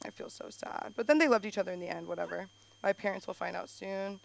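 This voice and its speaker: A woman's voice: lowish voice, fairly even intonation, quick pace, gravelly. A woman doing open-mic stand-up comedy on a club stage, talking into a handheld mic and rambling through her stories with lots of "like" fillers. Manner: rambling, breathless storytelling full of "like" fillers. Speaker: stand-up comic. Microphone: handheld stage microphone.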